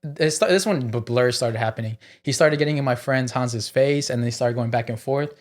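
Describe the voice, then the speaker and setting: A man's voice: medium pitch, moderate pace. Man, comedian, mid-range voice, casual podcast story, cussing, lots of fillers. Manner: profane, filler-heavy storytelling with many "like"s. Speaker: guest comedian.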